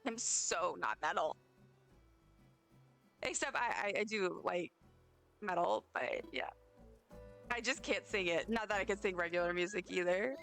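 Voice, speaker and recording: A woman streamer with a hoarse, partly lost voice, chatting casually and rambling to her chat while she plays. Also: on the low side, animated, unhurried, long pauses, fairly bright tone, soft background music.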